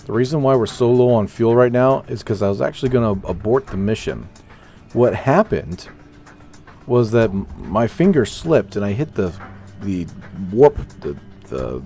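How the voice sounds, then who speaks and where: A young man with a low, mellow voice narrates his own gameplay in loose, rambling commentary. He talks himself through each move and answers viewers between tries. Faint music plays behind him. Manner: rambling, self-talking, chats with viewers. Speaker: gaming streamer.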